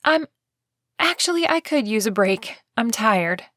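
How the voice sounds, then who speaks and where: Woman reading as a bright, breezy young heroine. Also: on the high side, lively intonation, a little slow, no room sound, clean studio sound. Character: cheerful young woman radio celebrity, flustered. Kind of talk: audiobook character voice.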